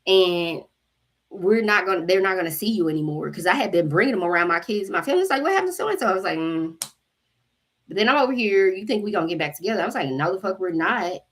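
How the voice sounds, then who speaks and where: A woman hosting a spiritual channel, telling a story to her viewers in an animated, profane way and acting out the voices of the people in it. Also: fairly low pitch, fast. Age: adult mother. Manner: animated, profane, acts out quotes.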